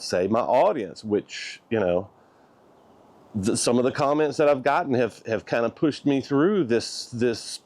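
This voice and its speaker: A man's voice: mid-range voice, darkish tone, no echo. Reflective man, dry close sound. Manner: halting, thoughtful, many restarts. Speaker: vlogger. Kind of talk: reflective personal update. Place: outdoors, walking.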